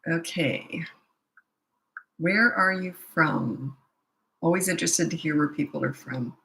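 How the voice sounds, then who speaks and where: Tired canadian lady chatting on a livestream, bright lowish voice, echoey room. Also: slow pace, gravelly. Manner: chatty, reads out viewers' comments. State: tired, low energy. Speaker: parenting coach, livestream host. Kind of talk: casual livestream chat with viewers.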